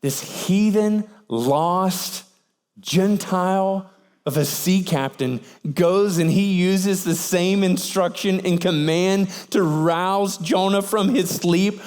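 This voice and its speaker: Man, pastor, sermon, animated storyteller, high-pitched, long hall reverb. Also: slow, clean tone. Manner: animated storytelling, acts out sailors' voices.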